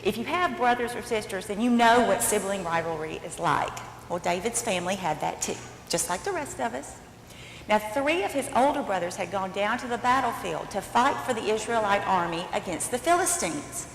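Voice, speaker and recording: Woman pastor, animated story sermon, echoey church, faint noise. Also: medium pitch, moderate pace. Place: church sanctuary.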